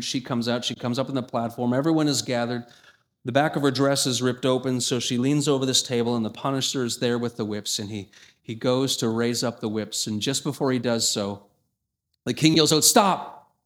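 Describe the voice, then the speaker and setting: A man preaching a sermon, emphatic, rising in pitch and volume when he reads scripture. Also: fairly even intonation, a little fast.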